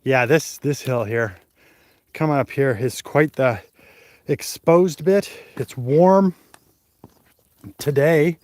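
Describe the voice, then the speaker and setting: A man's voice: medium pitch, takes it slowly, pauses often, darkish tone, no echo. A man chatting on a livestream while hiking up a mountain trail outdoors, rambling and laughing, short of breath from the climb, talking into a phone at arm's length. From Canada. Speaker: hiking vlogger and livestream host. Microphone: phone held at arm's length.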